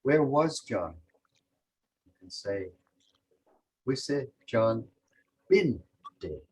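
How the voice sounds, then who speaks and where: A man's voice: medium pitch, big pitch swings, very slow, slight background noise, low-quality recording. A man teaching a language lesson over a video call, methodically walking through example sentences step by step.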